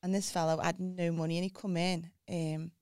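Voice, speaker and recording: A woman's voice: lowish voice, little pitch movement, moderate pace, a little mellow, no echo, clean studio sound. A woman telling a story in casual chat, with wry asides. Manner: chatty, wry interjections.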